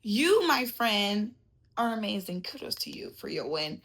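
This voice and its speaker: A woman's voice: mid-range voice, sing-song, measured pace, a bit bright. A woman hosting a casual boxing commentary vlog, chatty and laughing, calling her viewers baby. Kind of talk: casual chat to camera.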